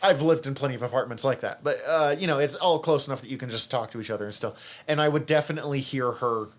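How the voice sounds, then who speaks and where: A man co-hosting a podcast in casual chat, animated and often swearing as he exclaims. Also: mid-range voice, fast talker. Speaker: podcast co-host.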